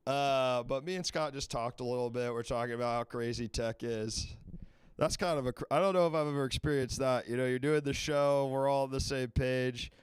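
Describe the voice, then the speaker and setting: A man's voice: medium pitch, fairly even intonation, a little fast, smooth. A man hosting a live advice stream, chatting loosely and rambling, swearing freely as he goes. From Washington, D.C. area. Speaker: livestream advice show host. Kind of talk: casual live-stream chat.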